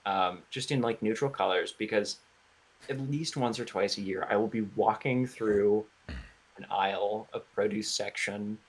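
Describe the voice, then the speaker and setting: A man's voice: lowish voice, measured pace, breathy edge. A man from Florida chats casually on a streamed podcast. He tells long stories in a loose, rambling way, restarting his sentences often. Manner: rambling storyteller, many restarts and fillers. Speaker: podcast co-host. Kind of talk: casual chat.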